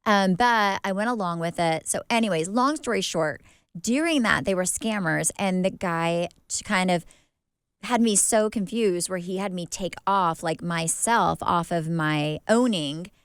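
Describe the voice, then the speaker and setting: A woman's voice: fairly low pitch, a little slow, clear, resonant tone, no echo, clean studio sound. A woman co-hosting a podcast, telling a story in a rambling, casual way full of fillers and restarts. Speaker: podcast co-host.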